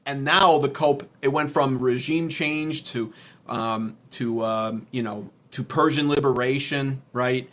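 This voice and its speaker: A man's voice: mid-range voice, takes it slowly, fairly bright tone. A man giving sarcastic, unscripted political commentary with a mocking edge. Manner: loose, unscripted delivery with restarts.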